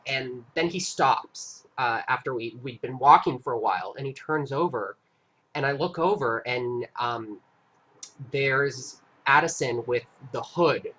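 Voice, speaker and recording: A man hosting a live stream, earnestly recounting an experience in a halting, casual way with frequent restarts. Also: mid-range voice, sharp tone, husky, highs cut off. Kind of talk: casual storytelling.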